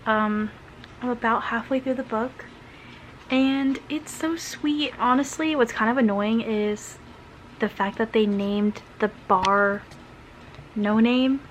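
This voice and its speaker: A woman's voice: a little high, steady tone, slow, slight background noise. A young woman vlogging casually from bed at home, chatting with lots of filler words like "like" and "um". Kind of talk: casual chat to camera.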